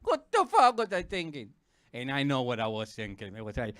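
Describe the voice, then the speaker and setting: Animated Argentine man doing stand-up. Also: a little fast, no room sound, clean studio sound. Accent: Argentine Spanish. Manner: animated, jumps into shrieking high silly voices. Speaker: stand-up comedian. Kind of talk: stand-up comedy set. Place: comedy club stage.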